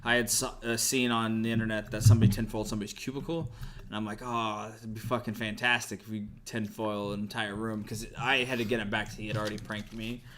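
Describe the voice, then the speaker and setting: A man's voice: lowish voice, flat delivery, fast, fairly bright tone, slight background noise. A young man co-hosting a podcast, telling a prank story in casual chat, swearing and laughing a lot. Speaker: podcast co-host.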